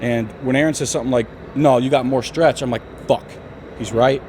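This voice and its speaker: Man, gym vlogger, profane, emphatic, medium pitch, light background noise. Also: fairly even intonation. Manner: profane, emphatic, fast-talking. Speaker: bodybuilder vlogger. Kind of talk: casual gym chat.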